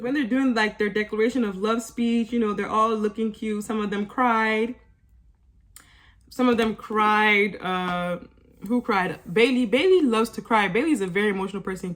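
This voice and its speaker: A young woman with a slightly high voice gives a casual recap of a reality TV finale. She talks to her viewers in a chatty, sassy way and keeps breaking into laughs. The delivery is loose and conversational, like an offhand vlog.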